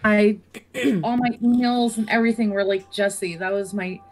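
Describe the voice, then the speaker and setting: A young adult woman co-hosting a casual podcast, talking haltingly with restarts and easy laughs. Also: mid-range voice, steady tone, a little mellow, poor audio. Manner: halting, restarts mid-sentence, laughs easily. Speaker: podcast co-host. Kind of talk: casual chat.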